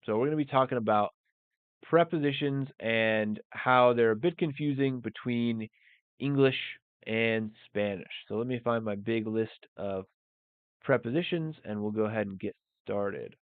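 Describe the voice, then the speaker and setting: A man teaching English live, thinking aloud in a relaxed way and working Spanish phrases into the lesson. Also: medium pitch, normal speed, no room sound. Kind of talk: live-streamed language lesson. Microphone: phone. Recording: dry, phone-like sound.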